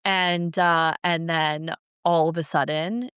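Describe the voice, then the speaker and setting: A woman co-hosting a podcast, casually retelling ancient myths with playful, animated flair. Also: low-pitched, slow, clear, resonant tone, no echo, lo-fi sound. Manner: animated, acts out characters, playful. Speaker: podcast co-host. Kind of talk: casual storytelling chat.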